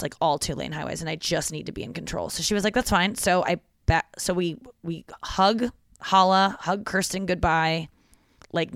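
A young adult host telling a story in casual chat, animated and full of "like" and swearing. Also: medium pitch, clean tone, dry recording, studio quality. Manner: animated, chatty, lots of "like" and swearing.

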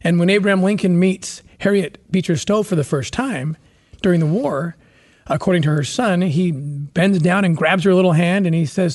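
A husky, fairly high-voiced man speaks as a podcast guest. He retells history with earnest passion, often stumbling and restarting his sentences as he builds his point. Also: normal speed, a little mellow. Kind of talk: conversational interview storytelling.

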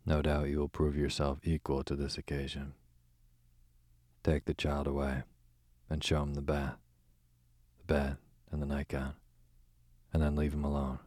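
A man reading an audiobook, voicing a languid aristocratic duke with a smooth, sarcastic drawl. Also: a bass voice, a little mellow, no room sound, clean studio sound. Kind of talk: audiobook character voice.

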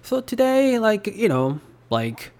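High and sing-song, a little mellow, the voice of this Japanese podcast host takes things slowly. He speaks with a Japanese accent, rambling loosely through casual podcast talk with plenty of fillers.

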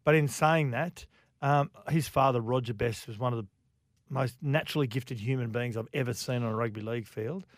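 An Australian man hosts a sports radio show, bantering with his co-hosts and reading listener texts. He speaks at a middle pitch on a dry, close studio microphone. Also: brisk, dry recording. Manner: banter, reads listener messages. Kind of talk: casual sports radio chat.

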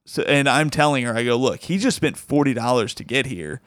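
A man's voice: medium pitch, fairly quick, no room sound. A young man, a comedian, casually telling a funny anecdote, laughing often as he talks. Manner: animated, laughs often while telling the story.

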